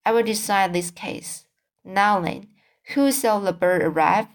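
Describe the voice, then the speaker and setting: A woman voicing a calm, authoritative male judge in a storybook reading, speaking in a measured way. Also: medium pitch, natural voice.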